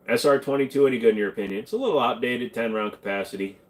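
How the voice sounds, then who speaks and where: A man's voice: mid-range voice, rapid-fire, hardly any pauses. A man hosting a livestream, answering viewer questions in casual chat with a crude, joking, offhand manner.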